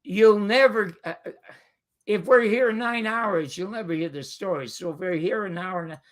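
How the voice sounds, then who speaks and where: A man's voice: high-pitched, moderate pace. An older man from Canada, a guest telling rambling anecdotes full of fillers and restarts in casual conversation. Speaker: guest storyteller.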